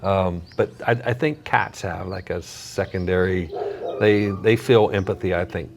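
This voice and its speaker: A man's voice: low-pitched, steady tone, unhurried, vocal fry, background noise. A man hosting a podcast on location at an animal shelter, chatting casually and often repeating his words as he goes. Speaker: podcast host. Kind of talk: casual interview.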